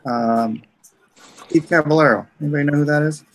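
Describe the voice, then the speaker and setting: Chatty, slightly high-voiced male host. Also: fairly quick. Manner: chatty, goes off on tangents. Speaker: livestream host. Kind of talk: casual chat.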